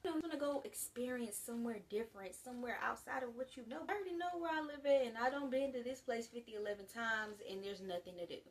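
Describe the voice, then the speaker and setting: A 19-year-old woman from the US gives a casual, slangy to-camera monologue, talking in an animated way with big swings in loudness. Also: a little high, quick pace, few pauses, distant mic. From United States. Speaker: vlogger.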